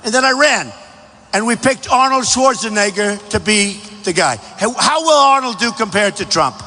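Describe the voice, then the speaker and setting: Boastful man shouting through echoing hangar. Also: high voice, lively intonation, moderate pace. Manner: boastful, repetitive, often shouting. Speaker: presidential candidate. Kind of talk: campaign rally speech. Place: large packed hangar. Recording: echoey hangar hall.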